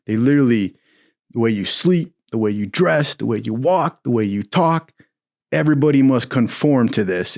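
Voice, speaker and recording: A young man telling a rambling, profane story in a casual, animated way, laughing often. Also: mid-range voice.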